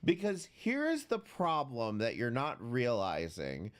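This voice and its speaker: A man's voice: mid-range voice, wildly swooping pitch, measured pace, smooth. A man hosting a reaction commentary show, blunt and mocking, swearing often. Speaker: commentary host.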